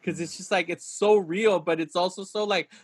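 A man's voice: sits high, fairly even intonation, normal speed, slightly rough, no echo. A man chatting casually about a movie, talking animatedly and acting out scenes in a raised voice.

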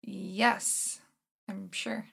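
A woman's voice: medium pitch, level tone, drawn-out words, creaky, fairly bright tone, husky. A woman co-hosting a comedy podcast, patient and dry, growing exasperated with her host.

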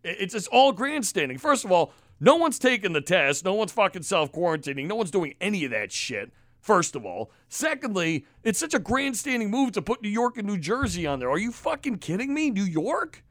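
Man, podcast host, high lively voice, profane angry rant, dry close sound. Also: a little fast, no room sound. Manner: angry, profane, emphatic ranting. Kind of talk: profane ranting podcast chat.

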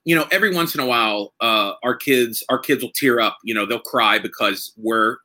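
Male podcast host, thirties, bright tone, loose and rambling delivery with lots of restarts. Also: mid-range voice. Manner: rambling, halting, full of fillers and restarts. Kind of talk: casual conversation.

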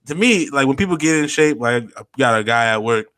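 A man chats as a podcast co-host, laid-back and full of slang and swearing. His voice sits bright and forward, at a middling pitch for a man. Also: lively intonation, fairly quick. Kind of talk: casual chat.

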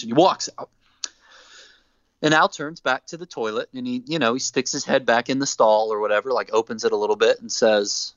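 A man on a podcast, casually retelling a story with animated, acted-out quotes. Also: medium pitch, normal speed, no room sound. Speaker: podcast co-host. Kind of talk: casual chat, recapping wrestling. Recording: dull dry close mic.

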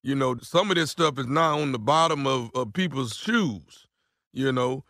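A man's voice: medium pitch, moderate pace, fairly bright tone, no echo, studio quality, pitched below the performer's own voice, natural voice. A man playing a grumpy, nagging older male neighbor on a prank phone call, stammering and repeating himself. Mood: stubborn. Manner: pleading then blustering, repeats himself, stammers. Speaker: prank caller.

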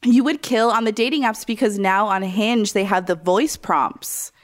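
A woman in a casual podcast talks openly about her past. She laughs easily and tells stories in a relaxed way. Her voice sits at a middle pitch. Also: moderate pace, crowd noise. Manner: candid, storytelling, laughs easily. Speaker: podcast host. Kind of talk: casual chat.

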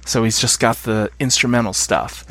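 An enthusiastic middle-aged man with an American accent chats easily as an interview guest, his voice sitting at an ordinary pitch. He chuckles often and now and then hums a tune to make his point. The recording is dry and close, with no room sound around him. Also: normal speed, fairly bright tone, dry recording. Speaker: podcast guest. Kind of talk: casual interview chat.

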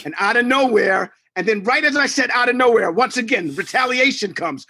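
A middle-aged man from New York in a casual storytelling chat, animated, swearing and acting out quotes, on a close studio mic. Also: extremely high pitch, brisk, hardly any pauses. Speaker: podcast co-host.

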